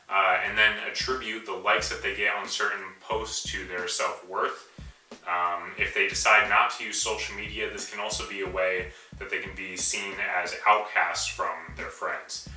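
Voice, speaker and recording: A man's voice: on the low side, sharp tone. A young man, a student, giving a class presentation in a tongue-in-cheek news-reporter manner with dry asides. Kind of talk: school presentation in a mock news-reporter persona. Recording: echoey room, distant mic, faint music.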